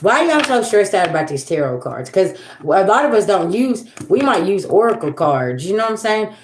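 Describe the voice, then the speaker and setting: A woman's voice: mid-range voice, big pitch swings, normal speed, roomy sound, a little hiss or hum. Sassy, blunt woman tarot reader. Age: 40s. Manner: blunt, sassy, swears freely, talks straight to viewers. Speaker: tarot reader and livestream host. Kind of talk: casual livestream rant.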